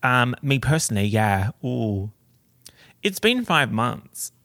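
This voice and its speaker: On his portable-recorder solo podcast, a male host chats in a campy, casual way, with slang and swearing throughout. His mid-range voice is sing-song, slow, and a bit bright, with no echo.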